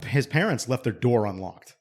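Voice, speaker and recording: A man in his forties co-hosting a podcast, spinning a long story in loose, casual talk. He swears freely, circles back on himself, and turns lively whenever he acts out what someone else said. His voice sits at an ordinary middle pitch for a man. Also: normal speed. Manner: rambling, profane, animated when quoting others. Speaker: podcast co-host.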